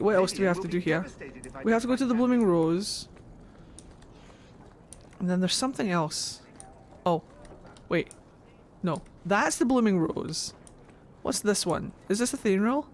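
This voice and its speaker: A woman's voice: mid-range voice, normal speed, pauses often, darkish tone, a little hiss or hum. A young woman streamer giving casual commentary over a game, chatty and joking, with swearing and outbursts of indignation. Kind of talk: casual let's-play commentary.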